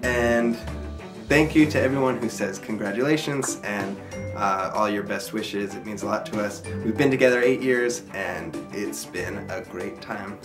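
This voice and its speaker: A young man telling a personal story to camera in a chatty, earnest and excited way. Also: on the low side, moderate pace. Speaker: vlogger. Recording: background music under voice.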